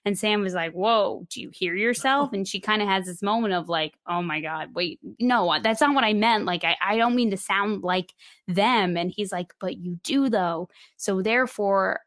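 A woman co-hosting a casual review podcast, her voice sitting in an ordinary middle pitch. She retells scenes with animation, slipping into the characters' lines. The sound is dry and close. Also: moderate pace, dry recording. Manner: animated retelling, acting out quotes. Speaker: podcast co-host. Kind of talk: casual recap chat.

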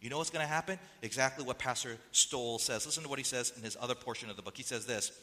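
A man's voice: medium pitch, fast, bright, forceful tone, big-room sound. A man preaching a sermon as pastor, with a nasal voice, pressing the congregation with rhetorical questions and reading quotes aloud. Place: church sanctuary.

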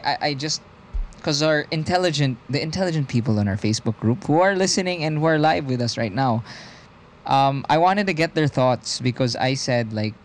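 A man co-hosting a casual podcast, rambling with hesitant fillers. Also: a little high. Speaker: podcast co-host. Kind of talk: casual chat.

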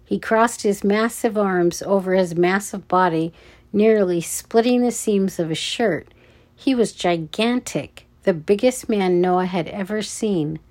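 A woman narrating a children's adventure audiobook in a measured, expressive way. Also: mid-range voice.

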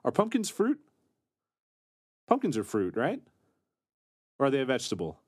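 Animated, jokey man on a podcast. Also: mid-range voice, moderate pace, slightly rough, no echo, clean studio sound. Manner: jokey, animated, laughs often. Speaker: podcast co-host. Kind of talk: casual comedic chat.

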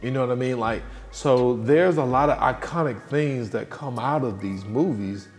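Male podcast host, mid pitch, loose animated storyteller; reverberant room, faint music bed. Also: moderate pace. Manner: loose, animated retelling with acted-out quotes. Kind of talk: casual film recap.

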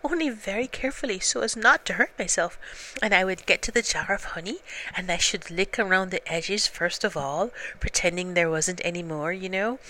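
A woman voicing a slow, dreamy, honey-loving male bear who muses aloud and hums to himself. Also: medium pitch, sharp tone, lightly acted. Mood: eager. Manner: musing, drawn-out, humming to himself.

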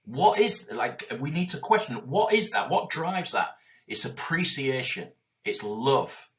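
A man's voice: mid-range voice, unhurried. Profane, fired-up man in his forties. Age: 40s. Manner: profane, emphatic, animated. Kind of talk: passionate conversational talk.

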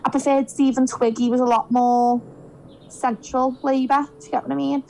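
Brief: young Scouse woman, high voice, animated storyteller, podcast guest. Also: moderate pace, vocal fry, a little hiss or hum, low-quality recording. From Liverpool, England. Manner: chatty, animated storytelling, acts out quoted dialogue. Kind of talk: casual podcast chat.

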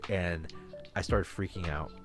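A podcast host from Alaska tells a long, rambling story casually, restarting sentences and swearing along the way. His voice is deep and steady, a little slow, and there's music underneath.

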